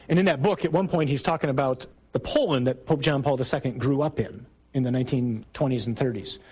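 A middle-aged priest speaks to a men's group in a medium-pitched, darkish voice with a breathy edge. His sermon talk is conversational and emphatic, with rising bursts, and the recording quality is low.

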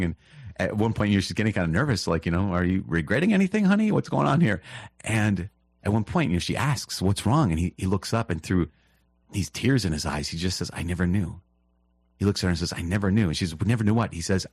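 A man hosting a teaching podcast, reading catechism passages and explaining them in an earnest, animated way with quick asides. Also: low voice, slightly rough, no room sound. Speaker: priest podcast host.

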